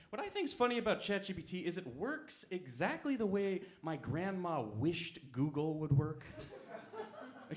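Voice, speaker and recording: A young man performing a stand-up set at a comedy club, with deadpan, self-mocking asides. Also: a little high. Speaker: stand-up comic.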